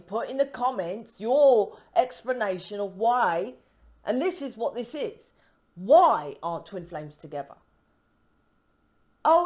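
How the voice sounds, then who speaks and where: A woman's voice: on the high side, a little mellow. A woman from the UK doing a casual tarot reading to camera, emphatic and rambling, breaking off mid-word and asking "right?" to win agreement. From United Kingdom. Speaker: tarot reader.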